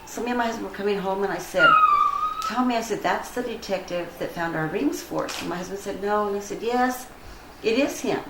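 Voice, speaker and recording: An older woman telling a personal story in an interview, earnest and animated, acting out the dialogue she quotes. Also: medium pitch, fast talker, few pauses. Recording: roomy echo, faint ambient noise.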